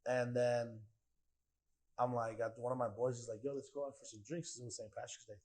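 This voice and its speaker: Young man, podcast guest, casual storyteller, animated, mid pitch, heavy slang. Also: fairly quick. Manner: animated storyteller, acts out voices of others, heavy slang and profanity.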